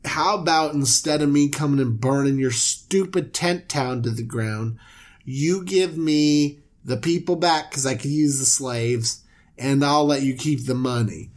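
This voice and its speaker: A speaker voicing an arrogant ancient king who makes smug, dismissive demands, in a slightly quieter tone. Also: mid-range voice, measured pace, lightly acted.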